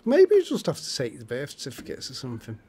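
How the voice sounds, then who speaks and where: A man co-hosts a casual livestream, joking with viewers and reading their comments aloud. His mid-range voice is dark and slightly rough, and he talks fast with wildly swooping pitch.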